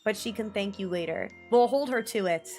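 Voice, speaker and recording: A young woman in her twenties streaming, chatting casually with viewers in a bubbly, giggly way, her pitch jumping up often. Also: fairly quick, darkish tone. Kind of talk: casual livestream chat reading viewer messages. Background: faint music.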